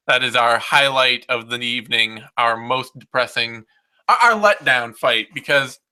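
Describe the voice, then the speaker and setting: A man's voice: mid-range voice, bright, forceful tone. A man hosting a casual podcast chat, talking in a rambling, wry way and often restarting his sentences. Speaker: podcast host.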